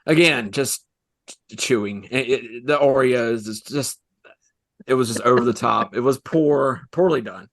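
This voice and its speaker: A male podcast co-host with a dry, self-mocking way of talking. He hesitates often with "uh" and "um". His voice sits at an ordinary middle pitch. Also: a little slow. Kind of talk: casual movie podcast chat.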